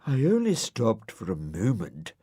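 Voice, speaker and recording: A man's voice: lowish voice, wildly swooping pitch, unhurried, mellow, husky, voice pushed up, heavily acted. A man voicing a prim, dignified female cow who sounds haughty and affronted.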